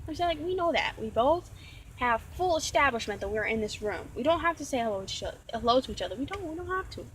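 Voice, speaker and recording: A woman's voice: sits high, lively intonation, quick pace, fairly bright tone, slight background noise, low-quality recording. A woman venting in a casual vlog rant, rambling and exasperated, often repeating herself. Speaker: vlogger.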